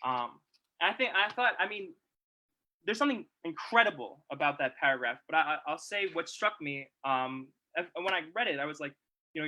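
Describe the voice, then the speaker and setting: A young man giving a reflective presentation, talking in a halting, thoughtful way with many pauses and restarts. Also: a little high, lively intonation, pushed and bright, low-quality recording. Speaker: presenter at a livestreamed celebration.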